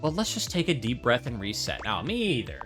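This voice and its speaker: A man's voice: mid-range voice, huge pitch swings, brisk. A man doing playful, joking let's-play commentary, bantering with game characters. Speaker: gameplay commentator. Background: faint game music.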